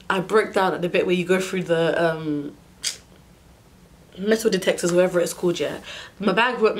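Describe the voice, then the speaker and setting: A young woman telling a storytime rant to her vlog audience, exasperated and animated, acting out the people she argued with. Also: on the low side. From United Kingdom. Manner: exasperated, animated retelling with acted-out dialogue. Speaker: vlogger.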